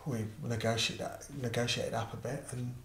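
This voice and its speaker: A middle-aged musician and artist manager speaks in a gravelly, medium-pitched voice at normal speed, telling an interview anecdote. He's animated and acts out the quoted voices. Roomy echo and faint background noise mark the recording.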